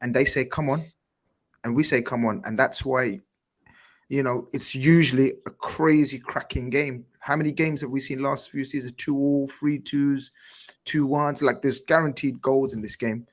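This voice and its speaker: A man co-hosting a football podcast, laying out his view in a measured way and pushing back with teasing retorts. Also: medium pitch, fairly even intonation. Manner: measured explaining, then teasing pushback. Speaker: podcast co-host. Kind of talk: casual football chat.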